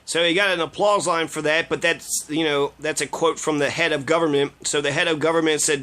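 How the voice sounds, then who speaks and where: A man's voice: a little high, steady tone, fairly quick, few pauses, bright, forceful tone. A man giving sarcastic political commentary, swearing heavily and trailing off into fillers as he rants. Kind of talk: profane ranting commentary on played clips.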